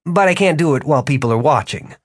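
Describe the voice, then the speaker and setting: A man's voice: fairly high pitch, animated, fast talker, no echo, studio quality. A man voicing a flustered young man posing as a wizard in an audiobook, hasty and defensive.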